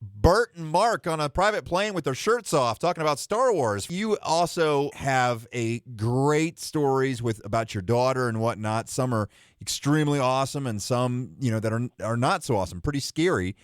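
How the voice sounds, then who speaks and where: A man's voice: medium pitch, expressive, moderate pace, no echo, studio quality. A male radio host doing an interview, upbeat, asking leading questions and plugging an upcoming show. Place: radio studio.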